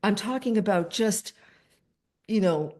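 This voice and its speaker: An older woman talks to a group over a video call. Her manner is gentle and reflective. She speaks straight to her listeners, and now and then she asks them to nod along. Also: mid-range voice, lively intonation, unhurried. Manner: gentle, thoughtful, speaks directly to viewers. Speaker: host.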